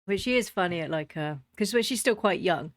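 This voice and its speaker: A woman's voice: fairly low pitch, expressive. A British woman in her thirties chatting casually and rambling cheerfully while playing a game. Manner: rambling, chatty, quick to laugh. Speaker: gaming vlogger. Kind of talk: casual chat over gameplay. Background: faint game music.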